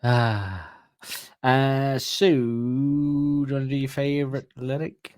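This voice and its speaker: A man's voice: mid-range voice, steady tone, takes it slowly, heavy background noise. A man hosting a podcast in casual chat, chatty and laughing often. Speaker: podcast host.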